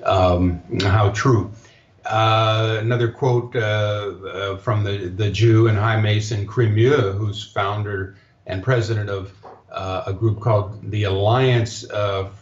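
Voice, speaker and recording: A man with a low voice talks as a guest, halting and filling gaps with ums and restarts. His sound is roomy and echoey. It comes through a dull, lo-fi line. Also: steady tone. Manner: halting, many fillers and restarts. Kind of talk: casual interview talk.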